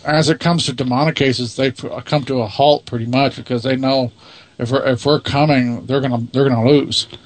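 A man's voice: mid-range voice, fairly even intonation, fairly quick, no echo. A man who leads a paranormal investigation team answers interview questions in a matter-of-fact, self-assured way.

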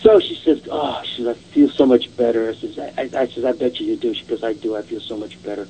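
A man's voice: medium pitch, fairly even intonation, fast, dark tone, slight background noise, poor audio. A man casually telling a long ghost story, rambling and repeating "I says" and "she goes".

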